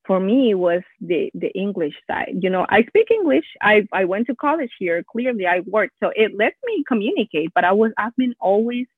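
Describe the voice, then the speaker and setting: A young woman with a Spanish accent, talking fast and animatedly in a casual conversation, often quoting herself. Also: medium pitch, lively intonation, no echo. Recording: thin phone-like call audio, dry and husky.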